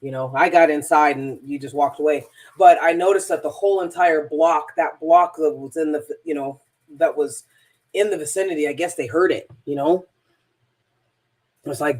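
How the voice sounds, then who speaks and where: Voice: mid-range voice, moderate pace, darkish tone. A transformational coach telling a personal story in a rambling, emphatic monologue, often repeating words.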